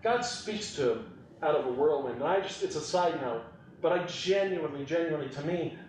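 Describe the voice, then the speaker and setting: Man, informal teaching, animated, laughs often, echoey room, distant mic. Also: fairly high pitch, slight background noise. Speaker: podcast host teaching on scripture.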